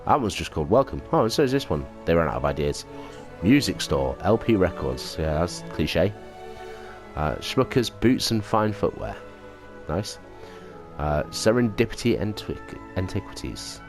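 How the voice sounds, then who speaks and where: A man's voice: low-pitched, big pitch swings, normal speed. A man doing casual, sarcastic commentary over a video game he is playing, swearing freely. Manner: sweary, sarcastic, jokey asides. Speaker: let's play gamer. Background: game music.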